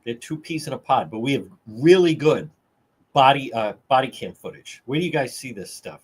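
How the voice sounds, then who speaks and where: Husky, lively talk radio man. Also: mid-range voice, normal speed. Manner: rambling, repeats phrases for emphasis. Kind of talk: live talk radio livestream.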